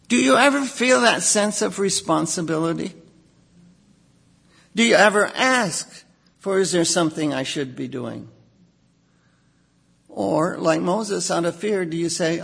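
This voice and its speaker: A man preaching a sermon, animated, acting out quoted voices with sudden outbursts. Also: fairly high pitch, measured pace, creaky, breathy edge.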